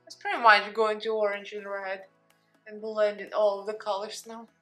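This beauty vlogger, a young woman with a Russian accent, speaks in a mid-range voice that sounds pushed and bright, with fairly even intonation and a moderate pace. She keeps things chatty as she works through her makeup tutorial, talking to her cat between steps, while faint music plays behind her.

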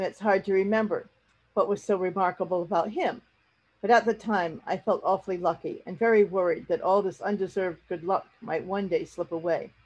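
Husky woman reading a story to learners. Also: mid-range voice, a little mellow, lo-fi sound. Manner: pauses to explain words to learners. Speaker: teacher. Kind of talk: reading a story aloud to a class.

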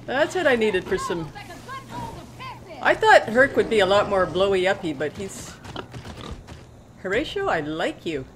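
A woman's voice: mid-range voice, big pitch swings, a little slow, pauses often, slight background noise. A woman giving casual gameplay commentary, chatting to her in-game pet companion as she plays. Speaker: let's play gamer.

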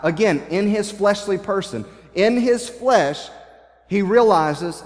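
A man's voice: high-pitched, slow pace. A man preaching a sermon with passion, often repeating and restarting his phrases as he paraphrases scripture in the first person. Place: church sanctuary. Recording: long hall reverb in a church.

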